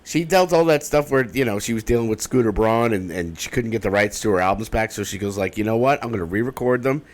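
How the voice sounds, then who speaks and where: A man's voice: expressive, fast talker, hardly any pauses. A man co-hosting a podcast in casual chat, jokey and laughing often. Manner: jokey, laughs often, swings his pitch widely. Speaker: podcast co-host.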